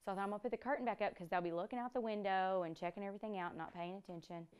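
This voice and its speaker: Woman, teacher, lively storyteller, smooth clear voice. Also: mid-range voice, very fast. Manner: animated storytelling, acts out quotes. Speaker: first grade teacher. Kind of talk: interview recollection.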